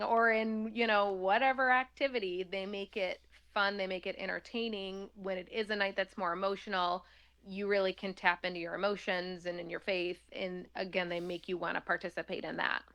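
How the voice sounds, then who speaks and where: A woman's voice: mid-range voice, steady tone, moderate pace, a bit bright. A woman talking casually as an interview guest, chatty and laughing often, with many fillers.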